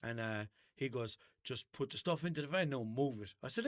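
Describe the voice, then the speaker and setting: A man's voice: mid-range voice, lively intonation, brisk, hardly any pauses, dry recording. A man hosting a podcast, telling rambling stories in casual chat and acting out both sides of his arguments. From Ireland. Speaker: podcast host. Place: indoor room.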